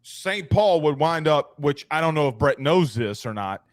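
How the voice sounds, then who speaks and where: A man hosts a casual sports talk show, rattling off stories fast and full of slangy asides. His voice sits a little high. The sound is dry and close. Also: lively intonation, no echo. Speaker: podcast host.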